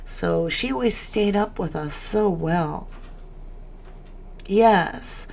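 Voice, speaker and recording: A woman's voice: mid-range voice, extremely slow, gravelly, darkish tone, a little hiss or hum. A woman hosting a casual livestream chat, emotional as she reads viewer comments aloud. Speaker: livestream host.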